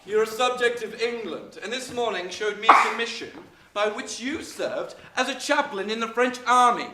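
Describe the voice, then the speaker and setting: A young man playing a formal, commanding gentleman who arrests someone. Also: extremely high pitch, animated, moderate pace. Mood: stern. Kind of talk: stage acting in a school play. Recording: echoey stage with faint hiss.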